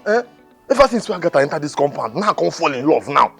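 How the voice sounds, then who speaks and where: A suspicious, jealous young lover with a Nigerian Pidgin accent. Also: male voice, on the high side, big pitch swings, fast talker, vocal fry, slightly rough, soft background music, full character voice. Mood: musing. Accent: Nigerian Pidgin English. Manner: pleading, repeats himself, mixes in Igbo. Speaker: film character. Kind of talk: Nollywood film acting.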